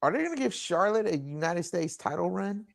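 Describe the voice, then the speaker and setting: A man with a lively, fairly high voice that rises and falls a lot chimes in during a wrestling watch-along. He talks expressively in quick remarks to his co-hosts. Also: vocal fry. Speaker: wrestling show co-host. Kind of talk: casual watch-along chat.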